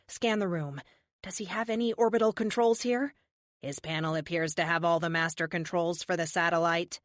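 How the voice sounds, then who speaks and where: A woman giving brisk, steady first-person narration of an audiobook. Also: lowish voice, no room sound, studio quality.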